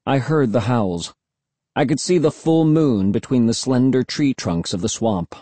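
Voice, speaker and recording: A man reading an audiobook in expressive first-person narration. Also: medium pitch, measured pace, dry recording. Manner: expressive storytelling.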